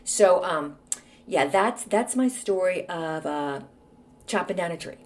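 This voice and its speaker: Woman, middle-aged, podcast host, casual chat, very animated pitch, talkative. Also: takes it slowly. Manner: animated, chatty, jumps in pitch.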